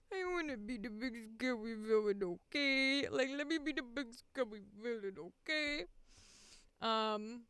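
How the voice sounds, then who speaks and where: A woman's voice: on the high side, fairly bright tone, smooth, dry recording. A woman with a Midwestern accent, a voice actor chatting candidly and profanely on a livestream, close on a studio mic. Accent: Midwestern American. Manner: candid, profane, self-mocking. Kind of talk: casual livestream chat. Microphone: close studio microphone.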